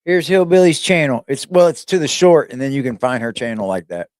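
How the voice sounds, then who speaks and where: A man's voice: medium pitch, big pitch swings, fairly quick, darkish tone, no room sound, clean studio sound. A man hosting a casual live stream, chatting loosely and with plenty of swearing while he talks to his pet. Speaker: streamer host.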